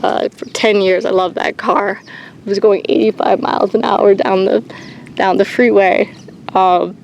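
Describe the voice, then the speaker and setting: A woman running an animal sanctuary, talking candidly in a halting way with many pauses and restarts. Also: mid-range voice, fairly even intonation, creaky, a little mellow, muffled recording, slight background noise. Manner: halting, many ums and restarts, nervous laughs. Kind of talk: candid personal vlog. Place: outdoors on a rural animal farm.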